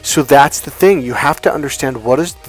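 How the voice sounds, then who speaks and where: A man's voice: fairly high pitch, fairly quick, soft background music. A man giving a blunt, profane coaching talk on dating and relationships, telling stories and acting out the voices in them. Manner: blunt, profane, storytelling with acted-out quotes. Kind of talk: motivational coaching monologue.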